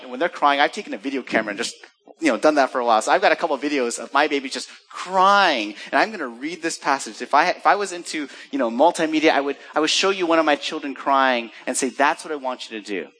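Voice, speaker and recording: A man's voice: mid-range voice, big pitch swings, normal speed, fairly bright tone. A middle-aged American man preaching a sermon as pastor, asking his listeners rhetorical questions and mixing in jokes. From United States. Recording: long hall reverb.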